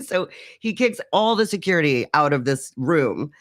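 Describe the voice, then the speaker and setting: A woman's voice: fairly low pitch, expressive, moderate pace, few pauses, dry recording, clean studio sound. A woman who works as a rock radio DJ, chatting as a guest in a bubbly, storytelling way. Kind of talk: casual radio interview chat.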